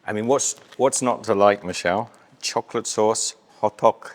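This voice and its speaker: This travel vlogger's voice is on the low side and moves at normal speed. Standing outdoors at a street stall for his casual food vlog, he's upbeat and chatty, often laughing and speaking while he eats.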